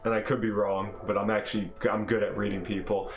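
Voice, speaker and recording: A man's voice: fairly low pitch, flat delivery, fast talker, music in the background. A young man chatting casually on a gaming stream, rambling and repeating himself. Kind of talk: casual chat. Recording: echoey room with faint hum.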